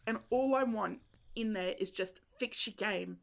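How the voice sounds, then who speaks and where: A woman with a gravelly, medium-pitched voice speaks at normal speed while live-streaming a game. She chats casually with viewers, makes self-deprecating jokes, and giggles often.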